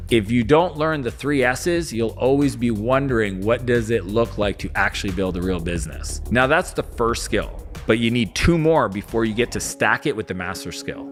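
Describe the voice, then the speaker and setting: A man giving a motivational business talk on selling, acting out little scenes with quoted voices. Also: medium pitch. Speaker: sales and business speaker.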